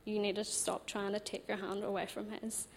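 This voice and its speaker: A young Northern Irish woman telling a personal faith story in a chatty, animated way, laughing often. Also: medium pitch, moderate pace, creaky, a little hiss or hum.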